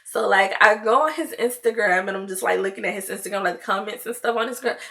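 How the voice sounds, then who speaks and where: Young woman, storytime vlogger, bright and forward tone at a middle pitch, chatty and rambling, animated when quoting herself. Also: quick pace. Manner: chatty, loose, peppered with "like" and "you know". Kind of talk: casual storytime chat.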